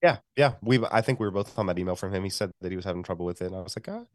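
A man's voice: low-pitched, rapid-fire, dry recording, studio quality. A man co-hosting a church podcast, sick, talking in an easygoing, agreeable way. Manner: easygoing, agreeable, brief replies. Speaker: church communications director, podcast co-host. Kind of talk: casual chat.

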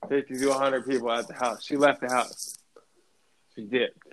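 A man's voice: medium pitch, fairly even intonation, moderate pace, slight background noise, low-quality recording. A young man casually telling a profane, laughing story on a podcast with friends. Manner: laid-back, profane, laughs while telling.

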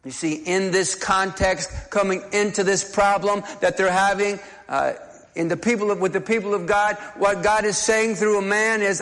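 A man's voice: sits high, a little slow, fairly bright tone, big-room sound. A man preaching a sermon as pastor, talking conversationally and often restarting and repeating words.

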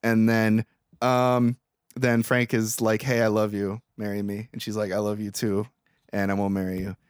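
A man's voice: fairly low pitch, little pitch movement, moderate pace, smooth, dry recording, studio quality. Rambling, profane podcast man. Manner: rambling, profane, acts out lines. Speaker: podcast co-host. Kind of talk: casual movie recap chat.

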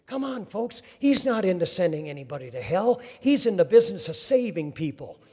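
A male preacher with a notably high voice delivers a fervent sermon, calling out to his congregation. His words ring out with a long reverb trailing behind them in a hall. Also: very animated, fairly quick, dark tone, breathy edge.

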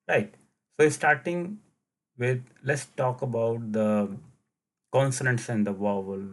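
A man hosting a language podcast, explaining grammar point by point with many pauses and small restarts. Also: mid-range voice. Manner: explains slowly with frequent fillers and restarts. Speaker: podcast host teaching languages. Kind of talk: casual language lesson podcast.

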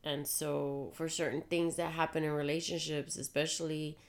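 Deep-voiced exasperated woman. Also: flat delivery, moderate pace. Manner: exasperated, emphatic. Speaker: co-host, the man's wife. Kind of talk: casual relationship talk.

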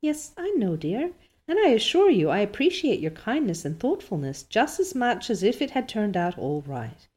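A woman voicing a gentle minister's wife who soothes a crying girl while reading a novel aloud. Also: mid-range voice, very animated, moderate pace. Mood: soothing.

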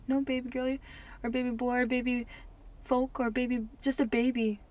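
A woman co-hosting a podcast, talking in a soft, emotional way, repeating words as she gives advice to her younger self. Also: fairly high pitch, level tone, quick pace. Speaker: podcast co-host. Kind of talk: heartfelt podcast chat.

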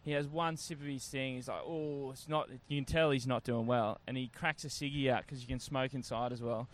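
A man's voice: medium pitch, fairly even intonation, brisk. Brief: easygoing man with a mid-range voice, chatting casually. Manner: laid-back, chatty, uses slang like lads and bloke. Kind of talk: casual storytelling chat.

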